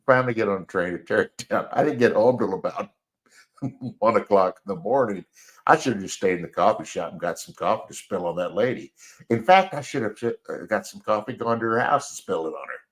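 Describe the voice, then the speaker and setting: Older male storyteller, low and very animated, self-deprecating, chuckling delivery. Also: fairly quick. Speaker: storyteller host. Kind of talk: casual anecdotal storytelling.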